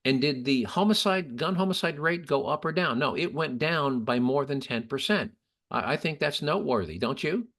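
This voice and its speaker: A man's voice: a little high, expressive, normal speed, a bit bright. Opinionated man hosting a podcast. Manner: opinionated, argues with statistics. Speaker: podcast host. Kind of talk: casual political chat.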